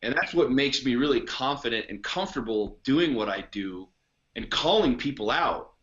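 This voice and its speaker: A man's voice: mid-range voice, expressive, normal speed, fairly bright tone, highs cut off. A man talking as a podcast guest and coach in casual conversation, blunt, emphatic and heavy on profanity.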